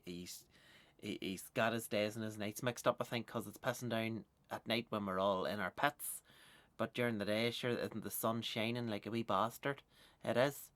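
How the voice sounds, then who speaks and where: A man's voice: on the low side, a bit bright, dry recording. A man from Northern Ireland with a Northern Irish accent, a stand-up comedian hosting a podcast in a loose, self-mocking ramble with swearing.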